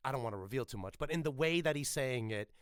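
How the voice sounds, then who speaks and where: This is a man hosting a casual podcast interview, talking in an animated, profane, joke-filled way. His voice is bright and forceful, and it sits dry and close to the mic. He stumbles through restarts as he rushes ahead. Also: mid-range voice, smooth, no echo. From United States. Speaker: podcast host.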